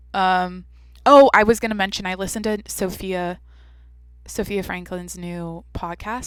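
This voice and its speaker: A woman hosts her own solo podcast in a chatty, rambling way, joking, swearing and mocking herself. Her medium-pitched voice is a bit bright yet nasal and slightly congested, recorded cleanly with no room sound.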